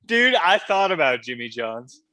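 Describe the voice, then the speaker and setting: Young man, podcast co-host, laid-back joking drawl, bright voice. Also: a little high, sing-song, a little slow. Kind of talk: casual chat.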